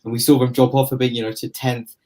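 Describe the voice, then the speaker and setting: A man's voice: mid-range voice, little pitch movement, fast talker, darkish tone. A man delivering long, flowing football opinions on a podcast. His voice sits in a mid register and stays conversational. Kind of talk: casual football podcast analysis.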